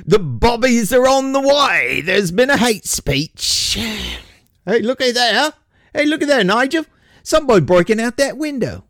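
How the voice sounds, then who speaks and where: A man's voice: sits high, fairly even intonation, moderate pace, gravelly, hardly any pauses, a little mellow, no room sound, studio quality, voice pushed up. A man voicing an eager, self-important British police officer, with an exaggerated put-on British accent.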